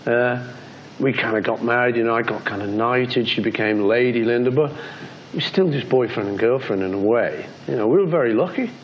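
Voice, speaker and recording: British man in his fifties, interview guest, halting and heartfelt, mid-pitched, slightly muffled archival audio with faint hiss. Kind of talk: reflective interview.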